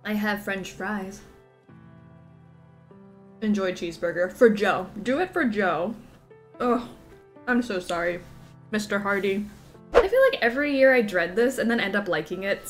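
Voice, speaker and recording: A woman's voice: mid-range voice, moderate pace, long pauses, faint music behind, low-quality recording. A woman gaming streamer chatting casually and jokily as she plays, gushing and teasing along. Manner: bubbly, jokey, gushing. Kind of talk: casual let's play commentary.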